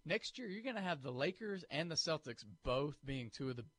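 A man's voice: on the high side, brisk, no room sound. A man co-hosting a sports talk radio show, arguing his case and acting out listener objections. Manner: animated, argumentative, acts out imagined listener objections.

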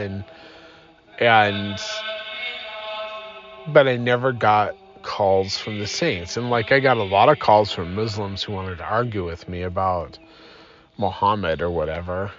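A man hosts a podcast from inside his car, sounding sleepy and yawning between his words. He talks slowly and rambles, dropping fillers and putting himself down. The sound is dull and lo-fi, with faint music behind him. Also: fairly low pitch. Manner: rambling, self-deprecating, many fillers. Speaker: podcast host. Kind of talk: casual rambling podcast talk.

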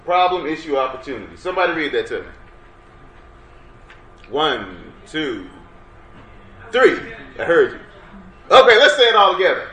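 A man's voice: on the high side, normal speed, pauses often. A man presenting an interactive workshop lecture with energy, urging the audience to answer. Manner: energetic, coaxes audience to respond. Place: workshop room. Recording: roomy room sound, faint background noise.

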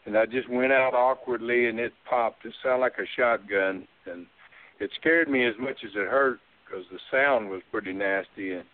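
A former wrestler with a mid-range voice swaps folksy stories in casual chat, drawling at a moderate pace and laughing as he goes. The line sounds tinny and phone-like, and dry.

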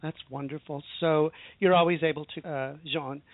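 A host asking interview questions in a soft, hesitant way with fillers. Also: mid-range voice, steady tone, normal speed, dry recording. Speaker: radio host. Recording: tinny phone line.

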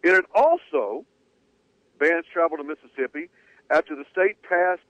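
A man's voice: fairly high pitch, normal speed, a bit bright, no echo. A man co-hosting sports talk radio, telling a story in a loose conversational way. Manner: conversational, hedging with fillers. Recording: dry tinny phone-like radio audio.

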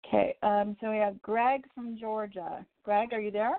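A woman's voice: medium pitch, fairly even intonation, normal speed, no room sound. Chatty woman reading cards on a phone line. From Chicago. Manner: warm encouraging, chatty with laughs. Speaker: radio psychic reader and host. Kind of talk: call-in card reading. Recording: tinny phone-line sound, dry.

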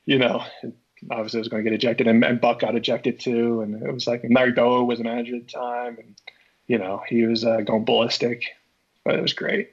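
A man from Philadelphia, a former baseball pitcher, telling a story in a casual chat and acting out his own reactions. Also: little pitch movement, brisk, slightly rough. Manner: acts out his own past reactions, many restarts. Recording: dull lo-fi podcast audio.

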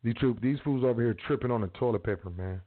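A man's voice: mid-range voice, fast talker. A man hosting a show, talking in a rambling, slangy, casual advice monologue. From South Side of Chicago. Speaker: host. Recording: phone-like narrow sound.

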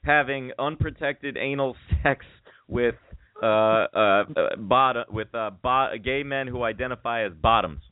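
A man's voice: medium pitch, measured pace, clean tone, no echo. A man co-hosting a radio comedy show, tossing out dry wry asides and laughing often. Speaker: radio co-host. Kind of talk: casual comedy banter. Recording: dry tinny phone-like sound.

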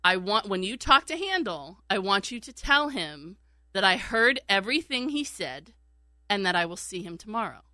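A woman's voice: medium pitch, big pitch swings, moderate pace, bright, forceful tone, no echo. A woman telling a casual story in a chat, laughing often and acting out what people said. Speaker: radio show regular, former call screener.

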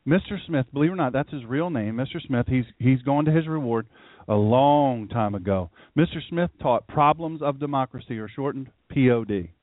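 Speaking at normal speed in a mid-range voice, a middle-aged man preaches on his live radio show in a conversational way. He repeats phrases to drive points home, and the audio has a dry, tinny phone-line quality without room sound.

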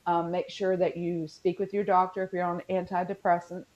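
A woman with a Southern Appalachian accent talks in a loose, rambling way, full of fillers. Her voice sits a little low. The video call audio is dull and lo-fi. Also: flat delivery, fairly quick, a little mellow. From West Virginia. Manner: rambling, chatty, many fillers. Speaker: podcast co-host. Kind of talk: casual chat.

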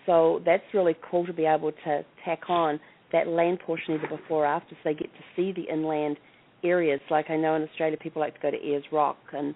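A woman's voice: low-pitched, flat delivery, a little fast, slight background noise. New Zealand woman hosting over a phone line. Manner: chatty, enthusiastic. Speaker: host. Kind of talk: podcast interview.

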